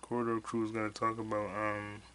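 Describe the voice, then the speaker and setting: A man hosting a solo podcast, rambling loosely and profanely, with sudden loud excited bursts. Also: on the low side, fairly quick, smooth. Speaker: podcast host and stand-up comic.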